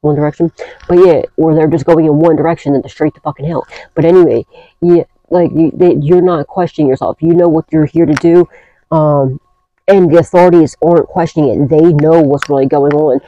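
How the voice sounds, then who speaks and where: A woman's voice: deep voice, steady tone, brisk, lo-fi sound. A woman giving a casual tarot reading, blunt and profane, rambling through restarts as she talks to her viewers. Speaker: tarot reader.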